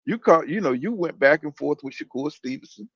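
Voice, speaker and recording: A man's voice: on the high side, animated, fairly quick, a bit bright, husky, no echo, dull audio. Rambling, cussing man ranting about boxing. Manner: rambling, profane, keeps saying "you know what I'm saying". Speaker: boxing commentator. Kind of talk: casual opinion rant.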